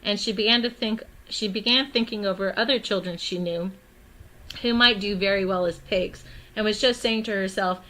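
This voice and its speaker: Bright-voiced woman reading a storybook aloud. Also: medium pitch, poor audio. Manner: brisk, with small slips and restarts. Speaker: storybook reader. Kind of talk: livestream read-aloud of a classic book.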